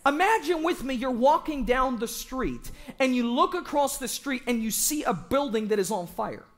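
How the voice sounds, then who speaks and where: A young man preaching an evangelistic sermon in a church, joking with the congregation and breaking into shouts for emphasis. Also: very high voice, moderate pace. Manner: animated, joking, bursts into shouting.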